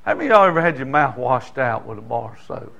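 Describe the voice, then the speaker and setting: A man's voice: mid-range voice, very animated, quick pace, creaky, a bit bright. An older man preaching a sermon in a folksy, conversational way, often asking the congregation "Amen?". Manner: folksy, conversational preaching with call-and-response asides.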